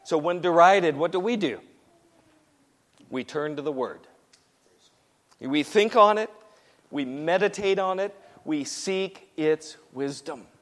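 A man's voice: mid-range voice, big-room sound. A man preaching a sermon to a congregation, emphatic and repetitive as he presses each point home. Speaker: pastor.

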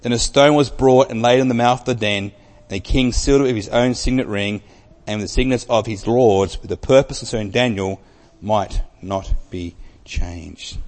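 A male preacher delivers a sermon as emphatic storytelling. He swings from loud to very soft at a middling pitch. His voice carries a long reverb, as in a large church hall. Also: normal speed.

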